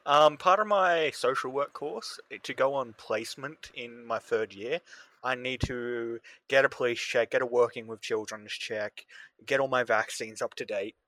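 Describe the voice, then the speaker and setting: A man's voice: medium pitch, pushed and bright, dry recording. A young man co-hosting a podcast, joking in casual banter with a sardonic edge. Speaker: podcast co-host.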